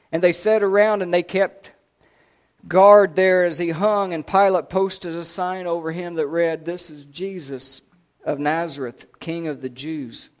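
A man preaching a sermon, retelling a scripture story dramatically, swinging between loud and hushed delivery. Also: high voice.

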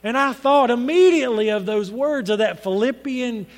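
High-voiced preacher in a reverberant hall. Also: male voice, normal speed. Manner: earnest, conversational storytelling with many restarts. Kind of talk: sermon.

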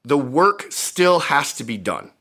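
A man's voice: medium pitch, very animated, slow pace, bright, forceful tone. A man hosting a podcast, ranting bluntly and heatedly with lots of profanity. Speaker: podcast host. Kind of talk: ranting solo podcast talk.

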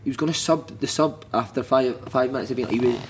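A Scottish man in his thirties, a former footballer on a podcast, telling animated, sweary stories and shouting out quoted lines. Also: medium pitch, fast, a little hiss or hum. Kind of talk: casual chat, storytelling.

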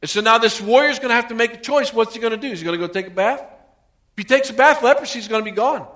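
A man preaching a sermon, acting out the people in the story with swings between soft and loud delivery. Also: high-pitched, lively intonation, a little fast. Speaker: pastor.

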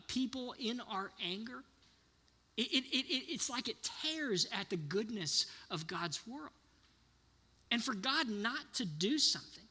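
A man's voice: sits high, bright, forceful tone, slightly rough. Earnest man preaching in a hall. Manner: earnest, asks the listeners questions. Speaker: pastor. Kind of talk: sermon.

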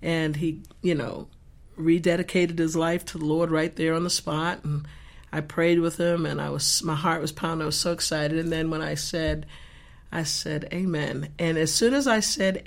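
A woman guest telling an earnest faith testimony in an animated way, acting out the voices in her story. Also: low-pitched, moderate pace. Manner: expressive, acts out the dialogue in her story.

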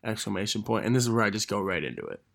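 A man's voice: lowish voice, animated, rapid-fire, vocal fry, a bit bright. A young man hosting a casual podcast, rambling and self-deprecating as he reads old messages aloud. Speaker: podcast host.

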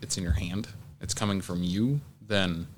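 A man co-hosting a casual podcast, speaking haltingly with many restarts and dry humor. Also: low-pitched, a little hiss or hum. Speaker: podcast co-host. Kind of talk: casual chat.

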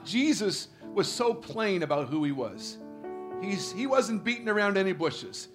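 A male pastor preaching a sermon, reading scripture and building to emphatic, loud peaks. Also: high-pitched, very animated, a little slow, over music.

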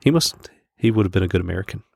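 A man in the middle of a relaxed podcast chat, trading jokes and breaking into laughter. His sentences often stall and restart as he thinks aloud. The recording is close and dry, with no room sound. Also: sits low, very fast, gravelly, no echo. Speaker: podcast co-host. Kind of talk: casual chat.

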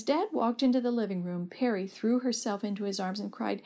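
A woman narrating a children's story aloud in a steady, gentle read. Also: mid-range voice, moderate pace, vocal fry, hardly any pauses.

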